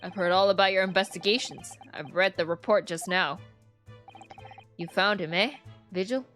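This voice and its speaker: A woman's voice: medium pitch, normal speed, a bit bright, faint music behind, natural voice. A woman voicing an evasive older male prison governor in a put-on Scottish brogue, with a broad, rolling, sly delivery. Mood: hearty.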